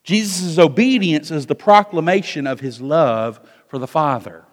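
A male pastor preaching an expository sermon, moving between loud emphasis and hushed asides. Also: fairly high pitch, normal speed. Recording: long hall reverb.

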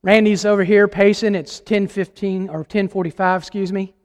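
A man's voice: high-pitched, steady tone, moderate pace, long reverb tail. A man preaching a sermon as a guest preacher, emphatic and impassioned, putting questions to the congregation. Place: church sanctuary.

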